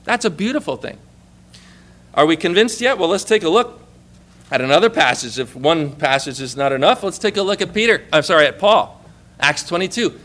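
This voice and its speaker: Bright, high-voiced male preacher. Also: a little fast. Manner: animated, asks the listeners questions. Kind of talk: conversational sermon.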